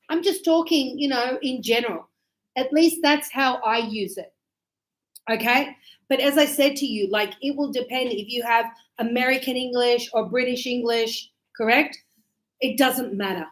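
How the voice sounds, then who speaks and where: A woman's voice: fairly high pitch, a little slow, low-quality recording. A woman teaching English grammar to a class, chatty and checking in with her students often.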